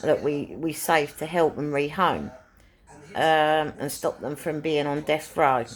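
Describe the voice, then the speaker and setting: A woman's voice: deep voice, unhurried. A woman chatting casually to camera, rambling and repeating phrases for emphasis as she talks about rescuing animals. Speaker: pet owner and animal rescuer.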